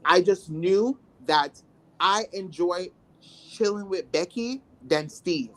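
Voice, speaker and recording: Taking it slowly in a fairly low voice, a Jamaican trans woman recounts her life in relaxed conversation. She animates the story, voicing her past thoughts with lively exclamations.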